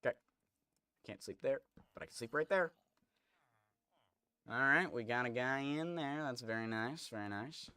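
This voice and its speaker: A man's voice: medium pitch, normal speed, pauses often, pushed and bright, clear, resonant tone, dry recording. A young man chatting casually as he plays a game, rambling with many restarts. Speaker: gaming streamer. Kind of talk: casual gameplay commentary.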